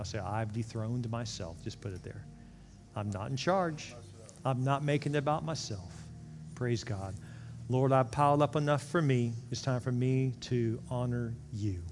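A man preaching as a pastor, leading an altar call and prayer, swinging from emphatic peaks down to hushed, quiet pleading. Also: mid-range voice. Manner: impassioned, rises to emphatic peaks then drops to hushed prayer. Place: large church sanctuary. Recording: long reverb of a big hall, faint ambience.

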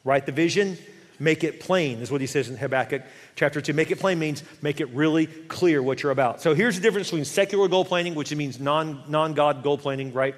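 A middle-aged male pastor preaches with lively energy, firing off rhetorical questions and acting out little quotes. His voice sits a bit higher than most men's. The sound carries a long church-hall reverb. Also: fairly quick. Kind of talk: sermon. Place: church sanctuary.

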